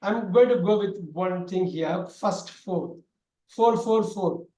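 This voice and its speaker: Loud teacher, high voice. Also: male voice, slow pace. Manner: loud, repetitive explaining with many fillers. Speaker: English teacher. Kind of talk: online class lecture. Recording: echoey room.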